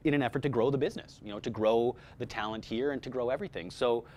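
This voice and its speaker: Heard through a muffled recording, a fast-talking man with a mid-range voice chats informally to a workshop audience about voice-over casting. His animated delivery is marked by frequent restarts and repeated words.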